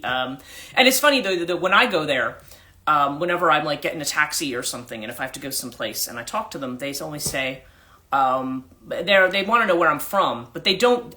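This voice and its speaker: Speaking in a fairly low, bright, forceful voice, a woman from the USA chats casually as a life coach on a livestream. Her accent mixes central New Jersey with British, and her talk rambles with many restarts and fillers.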